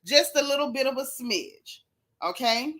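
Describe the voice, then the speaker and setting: Sassy, bright-voiced woman gossiping. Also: high-pitched, unhurried. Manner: sassy, animated, reads chat aloud. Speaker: show recap host. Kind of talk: casual gossip commentary.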